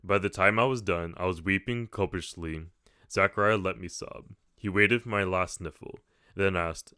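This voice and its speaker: A man reading a novel aloud in plain, steady first-person narration. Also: low voice, moderate pace, smooth, dry recording, studio quality. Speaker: audiobook reader.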